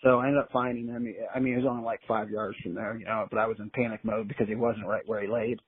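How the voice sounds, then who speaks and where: A man telling a long story in a casual, colloquial and animated way as an interview guest, heard over a phone line. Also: on the low side, fast, breathy edge, no room sound. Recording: tinny dry phone line.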